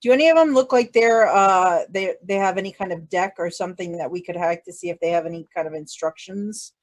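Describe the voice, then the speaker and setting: Woman at a game table planning out loud, halting, lots of restarts. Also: lowish voice. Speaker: player. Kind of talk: casual tabletop game chat.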